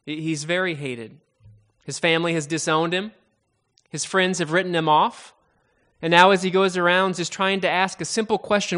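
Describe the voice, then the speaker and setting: Male preacher, a touch high-voiced, telling a Bible story with drama and many stammered restarts. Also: normal speed, fairly bright tone. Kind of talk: sermon storytelling.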